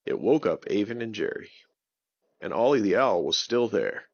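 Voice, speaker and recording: A man narrating a bedtime story for children in a gentle, unhurried way. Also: on the low side, big pitch swings, vocal fry, breathy edge, muffled recording.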